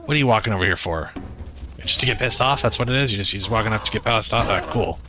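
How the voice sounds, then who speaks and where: A man giving casual gameplay commentary, excitable and talking back at the game. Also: lowish voice, fast talker, background noise. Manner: excitable, talks to the game, swears. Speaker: gaming streamer.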